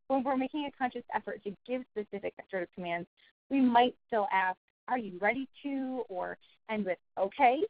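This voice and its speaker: A woman giving a recorded training talk for caregivers, explaining clearly and acting out example phrases. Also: fairly high pitch, no echo. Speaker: early childhood trainer. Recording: dry, phone-like narrow sound.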